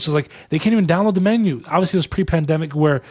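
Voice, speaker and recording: Animated, higher-voiced man telling stories. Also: racing, hardly any pauses, no echo, studio quality. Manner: animated, acts out dialogue in stories; motivational, emphatic repetition. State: tired after back-to-back recording. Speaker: podcast co-host. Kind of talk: casual storytelling.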